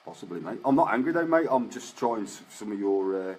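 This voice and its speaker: A man's voice: on the low side, big pitch swings, brisk, a little mellow. A man on a live ghost hunt, calling out to spirits in a commanding way. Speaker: ghost hunter. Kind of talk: live paranormal investigation. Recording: noisy ambience.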